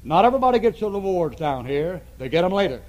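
An older man preaching a sermon to a congregation, repeating phrases and swinging between loud emphasis and hushed tones. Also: high-pitched, very animated, quick pace, highs cut off, slight background noise. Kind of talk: fiery sermon. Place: church before a congregation.

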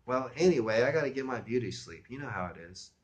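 A man's voice: mid-range voice, animated, fast talker, pitched above the performer's own voice, lightly acted. A man reading a book aloud, voicing a brusque woman woken late at night who snaps at first and then turns coy. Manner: raised, prickly, then coy. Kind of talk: audiobook reading.

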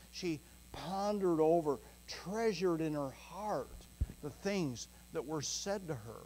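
Earnest higher-voiced male preacher. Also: slight background noise, poor audio. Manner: earnest, emphatic preaching with frequent soft chuckles; swings from slow, weighty phrases to quick bursts. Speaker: pastor. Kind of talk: sermon. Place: church sanctuary.

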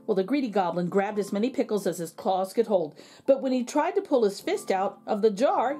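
A woman reading a children's picture book aloud in a slow, expressive storytelling manner. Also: mid-range voice, breathy edge, soft background music.

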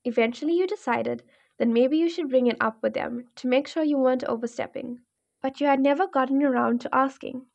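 A woman narrating a second-person fan fiction story in a smooth, even storytelling manner. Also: high-pitched, a little fast.

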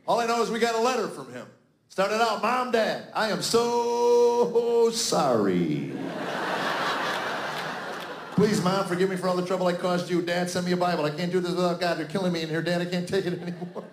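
His voice is high and his pace quick as this man in his fifties performs stand-up on stage for a live crowd. He acts out squabbles with his family in the role of an exasperated dad, and the venue's acoustics sound spacious.

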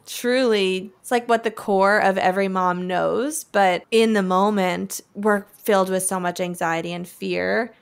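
A woman's voice: mid-range voice, fairly even intonation, unhurried, creaky, hardly any pauses, clean tone. A woman hosting a podcast, reacting to her guest with short, emotional replies. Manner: warm listener, emotional, brief reactions. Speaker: podcast host. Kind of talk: casual interview chat.

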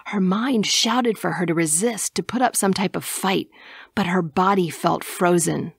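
A woman narrating an audiobook in a slow, measured reading style. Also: fairly low pitch, gravelly, slightly rough, no room sound, clean studio sound. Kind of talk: scripted narration.

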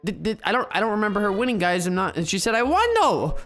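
A gaming video host giving casual, excitable gameplay commentary and chatting with viewers. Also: medium pitch, quick pace, soft background music.

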